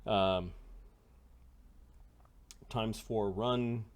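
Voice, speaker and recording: A man's voice: lowish voice, drawn-out words. A man running a tabletop game as game master, working out rules and numbers aloud. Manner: steady, working out numbers aloud with many uhs.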